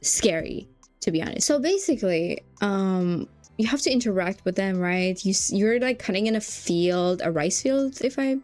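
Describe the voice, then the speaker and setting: A young woman vlogging about a horror game in casual chat, animated, swearing often and saying "like" a lot. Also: medium pitch, normal speed, soft background music. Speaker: gaming vlogger.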